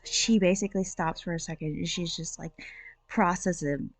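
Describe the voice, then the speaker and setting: A woman with a somewhat low voice hosts a casual book review show. She talks in a chatty, rambling way, full of ums and likes. Her voice is close and dry, with no room sound around it. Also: steady tone, moderate pace, dry recording. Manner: chatty, rambling, with many fillers.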